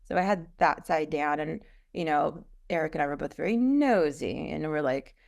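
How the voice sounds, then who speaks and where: A woman co-founder guest telling her story in a rambling, animated way in a casual interview. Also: deep voice, normal speed, gravelly.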